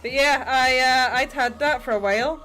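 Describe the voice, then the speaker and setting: A woman's voice: high voice, moderate pace, sharp tone, soft background music. A middle-aged woman, rambling in a casual chat while she paints on a livestream and swearing freely. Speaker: streamer.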